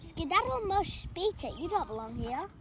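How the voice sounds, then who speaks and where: A woman's voice: very high voice, big pitch swings, moderate pace, voice pushed up. A woman voicing scruffy, hostile alley cats in a storybook, snarling and hissing. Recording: loud background noise.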